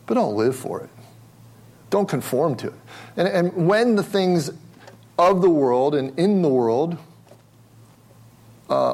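A man's voice: medium pitch, vocal fry, darkish tone. A male pastor preaching a sermon with emphasis, asking questions and repeating words as he restarts.

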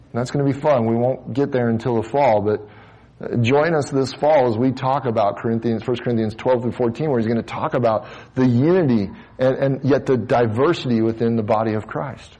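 A man's voice: medium pitch, mellow, low-quality recording. A middle-aged man, a pastor, preaching a conversational sermon with casual asides, frequent restarts and light humor.

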